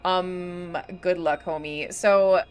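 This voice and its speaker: A woman's voice: on the low side, fairly even intonation, slow pace, clear, resonant tone. A chatty young woman live-streaming a game, talking casually to her viewers. She swears freely and fills her talk with fillers and laughs. Faint game music runs underneath.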